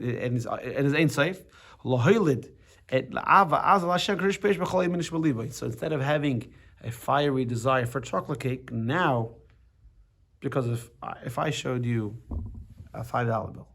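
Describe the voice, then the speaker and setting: A man's voice: mid-range voice, fairly bright tone. A man teaching a casual class on a religious text, explaining with everyday examples, often restarting and repeating words.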